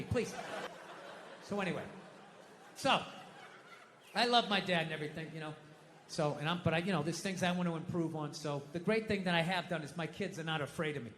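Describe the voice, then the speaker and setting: A middle-aged American man doing stand-up comedy, ranting loudly and profanely with mock outbursts. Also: sits high, fairly quick, slight background noise. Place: comedy stage. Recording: live venue with long reverb.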